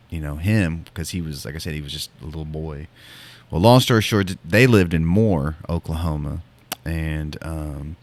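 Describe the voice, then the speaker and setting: A man co-hosting a podcast, casually telling a story with many fillers and restarts. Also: a bass voice. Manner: rambling, lots of fillers and restarts. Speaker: podcast co-host.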